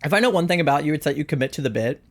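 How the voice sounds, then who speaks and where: A young adult streamer recounts a story to chat from a home setup on a desk mic. The delivery is loose and chatty, full of "like" and quick laughs. The pitch sits right in the middle. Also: animated. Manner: chatty, heavy use of "like", frequent laughter. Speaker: live streamer.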